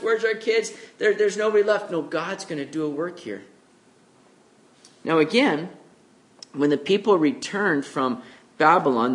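A man preaching a conversational sermon, who acts out the voices of the people with big jumps in pitch. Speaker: pastor. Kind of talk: expository sermon.

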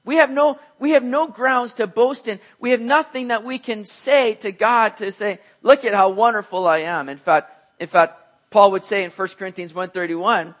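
High-voiced male preacher, animated. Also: normal speed. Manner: animated, acts out imagined voices, repeats words. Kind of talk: sermon.

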